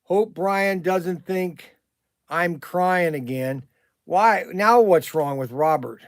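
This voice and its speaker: Casual livestream host, man, higher voice, rambly and excitable, dry close sound. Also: slow pace, dry recording. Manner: rambling, animated, many restarts and fillers. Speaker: livestream host and shop owner.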